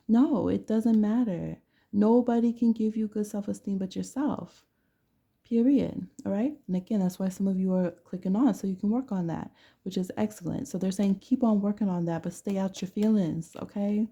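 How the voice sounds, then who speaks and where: Gravelly blunt woman reading tarot. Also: medium pitch, normal speed, dark tone. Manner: blunt, playful, laughs often. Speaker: tarot reader. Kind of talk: casual tarot reading to camera.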